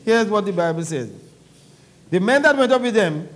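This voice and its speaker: A man's voice: high-pitched, lively intonation, normal speed, pauses often. A man preaching a sermon in church, reading scripture aloud and explaining it in a conversational way, with questions to the congregation.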